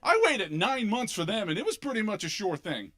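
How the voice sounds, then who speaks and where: A middle-aged man from Philadelphia with a Philly accent, doing an animated, punchy stand-up comedy set on a club stage. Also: high-pitched, a little fast. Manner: animated, punchy delivery with sudden loud bursts.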